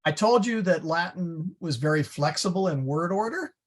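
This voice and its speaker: A man's voice: on the high side, lively intonation, normal speed. A man teaching a small Latin class, thinking aloud as he clicks through slides and explains grammar. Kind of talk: informal class discussion.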